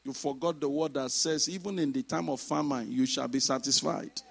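A man preaching a sermon, emphatic, moving between shouted exhortations and quiet asides. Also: mid-range voice, normal speed, vocal fry, slightly rough.

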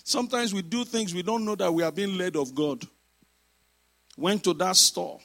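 A man preaching a sermon, emphatic, moving between shouted exhortations and quiet asides. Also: high voice, normal speed, creaky.

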